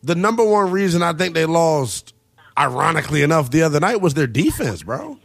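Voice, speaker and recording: A man hosting a late-night sports talk radio show, brash and quick to tease callers. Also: fairly high pitch, big pitch swings, vocal fry, a bit bright.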